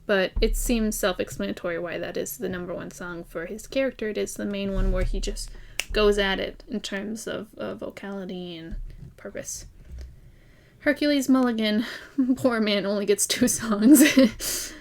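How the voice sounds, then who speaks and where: A woman's voice: mid-range voice, fairly even intonation, normal speed, creaky, slight background noise. A young woman from Ireland chatting casually and enthusiastically in a fan review vlog, laughing often. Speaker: vlogger.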